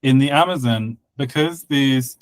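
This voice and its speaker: Slow, halting man explaining linguistics. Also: mid-range voice, dry recording, low-quality recording. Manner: halting, many fillers, explains patiently. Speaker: conlang creator guest and co-host. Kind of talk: casual podcast chat about linguistics.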